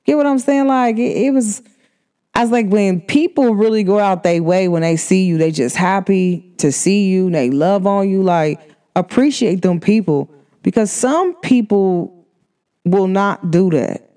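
A woman talking straight to her listeners in a loose, chatty monologue. She is emphatic and animated, and her voice jumps up high when she gets excited. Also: a little slow, clear, resonant tone. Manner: chatty and emphatic, many "like" fillers. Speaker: podcast host.

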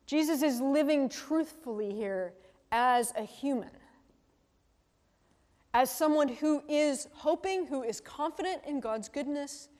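Woman pastor preaching, pretty high voice, chatty and asks the room stuff, big echoey church hall. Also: a little mellow. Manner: conversational, frequent tag questions to the congregation. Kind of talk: sermon. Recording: long reverb of a large hall.

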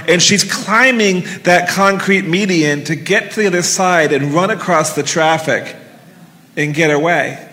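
A man's voice: high-pitched, sharp tone. Earnest man telling a story in a hall. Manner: earnest, vivid, swears casually. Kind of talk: personal story told live on stage. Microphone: handheld mic. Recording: long reverb of a hall.

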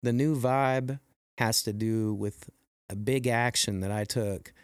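Slow-talking earnest man hosting a podcast. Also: steady tone, smooth, dry recording, studio quality. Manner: earnest, pumped-up, rambling with restarts; jumps high for quoted exclamations. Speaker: podcast host. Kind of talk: motivational podcast monologue.

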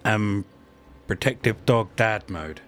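A man trades casual banter as a podcast co-host. His voice is very deep, and he drops in blunt, profane jokes. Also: slow pace. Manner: crude, swearing wisecracks.

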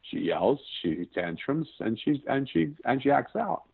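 A man's voice: mid-range voice, very animated, a little slow, creaky, breathy edge. A man in his fifties, an interview guest, telling a personal story in an earnest way, often restarting sentences as he searches for words. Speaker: podcast guest. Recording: tinny phone-like line.

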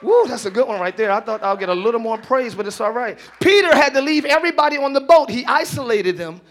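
A man pastor preaching a live sermon in church, building to shouted passages and joking asides to the congregation. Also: very high-pitched, lively intonation, quick pace.

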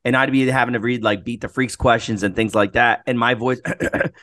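A man co-hosting a casual podcast chat, telling rambling stories and clearing his throat often. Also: medium pitch, fairly even intonation, a little fast, fairly bright tone. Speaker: podcast co-host.

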